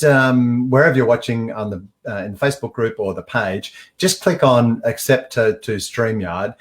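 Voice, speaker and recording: A man hosting a casual live-stream interview, chatty and rambling with many fillers. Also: medium pitch. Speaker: show host.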